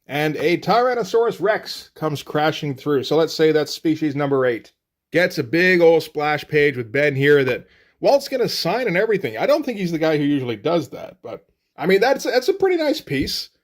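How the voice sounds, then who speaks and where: Man, relaxed comic recap host, slightly high voice, loose and profane. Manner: laid-back, swears casually, thinks aloud. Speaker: comic book reviewer.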